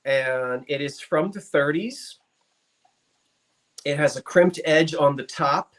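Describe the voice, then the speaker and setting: A man's voice: fairly high pitch, slow, a bit bright. Chatty man hosting a live sale. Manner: chatty, genteel, theatrical asides. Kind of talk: live auction stream.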